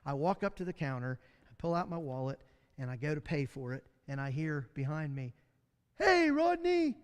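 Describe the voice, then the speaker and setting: A man's voice: medium pitch, steady tone, a little fast, darkish tone, clean tone. A man teaching a midweek Bible class in a folksy, storytelling way, with self-deprecating humor. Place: church classroom. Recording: long hall reverb.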